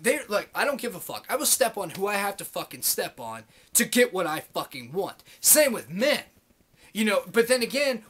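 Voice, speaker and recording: A man's voice: high voice, bright, forceful tone. A man in his late twenties giving a profane, rambling, heated monologue to the camera as a vlogger. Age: late 20s.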